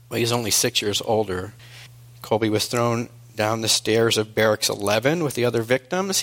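A male preacher delivering a sermon in an earnest storytelling manner, moving between hushed and emphatic. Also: medium pitch.

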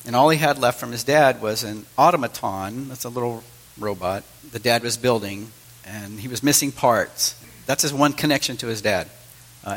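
A man's voice: mid-range voice, a bit bright, low-quality recording. A middle-aged man delivers a sermon to his congregation. His manner is easygoing and conversational, and he breaks off now and then to speak directly to his listeners. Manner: conversational teaching with asides to the congregation. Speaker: pastor.

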